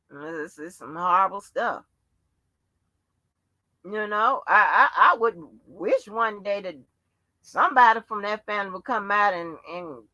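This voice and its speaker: A woman speaks casually and profanely to her viewers, with a lot of restarts and fillers before she gets heated. Her voice is bright and forward. The recording is dry and close, with no room sound. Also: mid-range voice, dry recording. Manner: rambling with many restarts and fillers. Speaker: channel host. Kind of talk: casual livestream rant.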